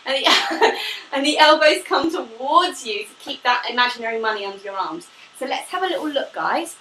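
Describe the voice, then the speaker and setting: A bright-voiced, high-pitched woman instructs a live online pilates class at a moderate pace with lively intonation. She demonstrates as she talks, laughing often and staying upbeat despite being slightly out of breath. The sound is echoey, with a distant mic and a faint hiss.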